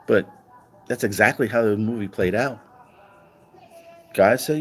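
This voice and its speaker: Animated man ranting with swearing. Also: a little slow, pauses often, breathy edge. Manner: animated, swearing, rhetorical questions; acts out quoted voices with higher pitch. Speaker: online commentator. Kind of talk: casual livestream monologue.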